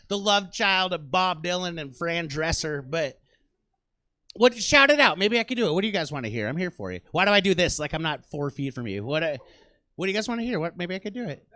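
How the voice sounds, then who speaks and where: A male stand-up comedian rants with exasperated, self-deprecating bite in a small theater. His voice is unusually high and bright. He jumps around in pitch as he works the crowd on a handheld mic. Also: expressive, a little fast.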